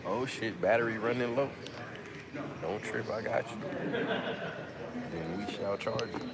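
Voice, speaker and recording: Low-voiced guy streaming from his phone in a media room, easygoing slang, crowd talking in the background. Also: unhurried. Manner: laid-back slang, reads out viewer comments. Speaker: livestream host. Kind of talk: casual live chat with viewers. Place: press conference media room.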